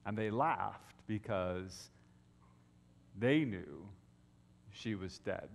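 A man preaching an Easter sermon as a pastor, telling the story dramatically and often dropping to hushed tones. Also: lowish voice, lively intonation, very slow, gravelly. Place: church sanctuary. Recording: long reverb of a church hall.

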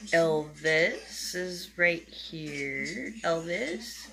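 A tired woman chatting casually in a home video, talking softly and fondly to her kittens. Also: fairly low pitch, very slow, gravelly. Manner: soft, fond baby talk to kittens. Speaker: vlogger.

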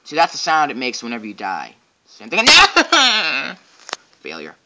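A man giving goofy, excitable, rambling commentary while playing a game and joking to himself. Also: medium pitch, fairly quick, background noise. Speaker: game reviewer. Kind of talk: casual gameplay commentary.

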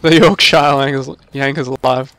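A young man casually commentating his own game livestream, excitable, laughing and swearing as he plays. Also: medium pitch, moderate pace. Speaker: gaming livestreamer.

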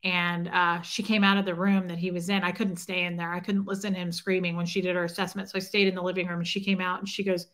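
A woman's voice: fairly low pitch, little pitch movement, fast, few pauses, fairly bright tone. A woman hosting a livestream, telling a personal story in a rambling, emotional way and greeting chat viewers by name. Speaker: livestream host. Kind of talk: emotional casual livestream talk.

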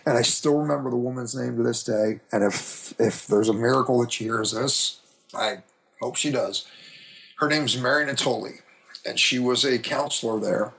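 Middle-aged male guest, gravelly fry in the voice, earnest and reflective, restarts a lot. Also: medium pitch, moderate pace, a bit bright. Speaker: podcast guest. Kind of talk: candid storytelling interview.

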